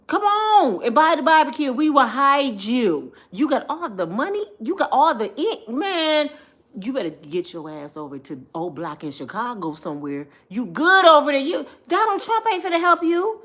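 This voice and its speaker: A woman with a high voice that swoops up and down constantly, telling a comedic story on her vlog. Her talk is slangy and full of jokes and laughs. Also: moderate pace. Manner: animated, slangy, laughing, joking. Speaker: vlogger.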